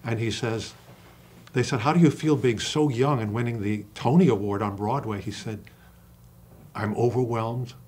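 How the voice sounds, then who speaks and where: An older man, an acting coach, talking in an interview with passion and slowing down to stress single words. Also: mid-range voice, darkish tone, slightly rough. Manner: passionate, emphatic storyteller who acts out quoted dialogue. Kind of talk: interview conversation.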